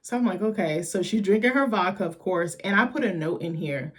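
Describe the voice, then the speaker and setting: A woman's voice: mid-range voice, lively intonation, brisk. A young woman casually recapping a TV episode late at night, tired but chatty and profane, acting out the characters' lines as she retells scenes. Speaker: TV recap host.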